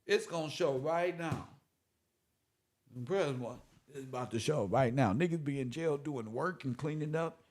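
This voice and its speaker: A man, lecturing his viewers in a preachy monologue. He swings from loud outbursts to softer asides. His talk is full of slang and swearing. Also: a little high, measured pace. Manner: swings between loud and soft, exclaiming, swearing, slang-heavy. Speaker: online commentator.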